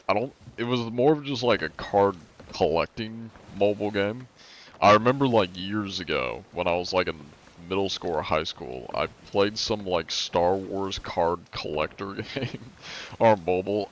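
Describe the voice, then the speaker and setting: A man's voice: low-pitched, fairly bright tone. A man in his twenties chatting casually on a live stream, tired and rambling with loose filler-heavy talk. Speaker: gaming streamer.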